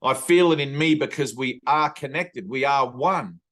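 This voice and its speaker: An Australian man leading a spiritual satsang over a video call, talking earnestly and intimately and slowing right down to stress a point. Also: mid-range voice, a bit bright. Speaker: spiritual teacher. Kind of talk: satsang teaching talk.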